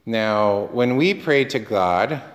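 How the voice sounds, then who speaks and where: Male pastor, sermon, unhurried delivery, big echoing church. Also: on the low side, expressive. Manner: conversational, quizzes the congregation, acts out quoted dialogue.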